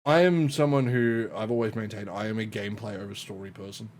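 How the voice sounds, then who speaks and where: A man's voice: on the low side, fairly even intonation, a little fast, a little hiss or hum. A young man hosting a podcast, chatting casually with lots of swearing, laughter and tangents. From Australia. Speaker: podcast host. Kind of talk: casual chat.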